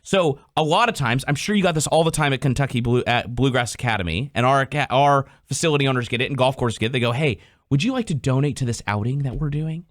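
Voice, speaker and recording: On his laid-back business podcast, the host brings his explanations to life by performing customer dialogues in rapid voices. He speaks at medium pitch, and the studio-quality audio has no echo.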